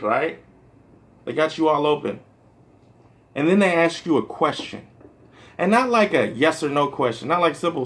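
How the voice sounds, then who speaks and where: A man's voice: fairly high pitch, expressive, moderate pace, pauses often, a bit bright. A man from the American Midwest, a stand-up comedian, talking in a casual, rambling vlog monologue full of "like" and "you know" and some swearing.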